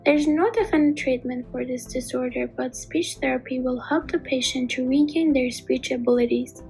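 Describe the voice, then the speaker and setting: A woman giving a scripted narration for an educational video in an even, explanatory reading manner. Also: sits high, rough recording. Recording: faint music behind the voice.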